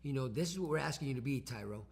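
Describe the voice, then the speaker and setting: A man co-hosting a talk show, quick and animated, acting out everyday phone calls. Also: mid-range voice, gravelly, husky. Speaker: co-host. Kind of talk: casual co-hosted talk.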